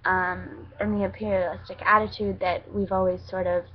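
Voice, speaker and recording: Speaking at a moderate pace in a level, mid-range voice, a young American student vlogger abroad chats her way through stories, rambling, correcting herself, and filling gaps with fillers. The recording sounds muffled.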